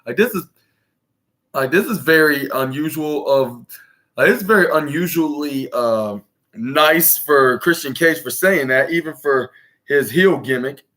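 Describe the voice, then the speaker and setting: A man's voice: fairly high pitch, lively intonation, a little slow, a bit bright. A man hosting a podcast, recapping a show in a casual, rambling way with lots of fillers and restarts. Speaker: podcast host.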